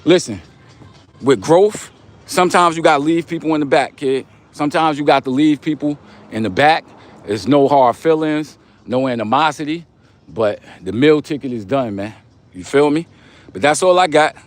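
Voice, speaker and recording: A young man from Long Island, New York, with a higher-pitched voice talks at a moderate pace while hosting a casual livestream. He gives a motivational talk in street slang and repeats his points.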